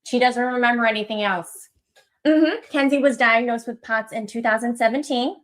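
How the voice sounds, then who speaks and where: A woman's voice: on the high side, moderate pace, natural voice. A woman acting as a self-pitying mother in a comedy parody, mock-sobbing and sarcastic. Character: self-pitying mother of a young woman, fake-tearful and mocking. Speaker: actor in a parody sketch.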